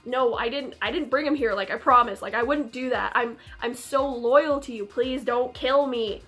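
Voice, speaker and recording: A woman voicing a panicked male servant who grovels, pleading loudly and tripping over his words. The voice sits fairly high. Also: moderate pace, faint music behind, lightly acted. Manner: loud, stammering pleading.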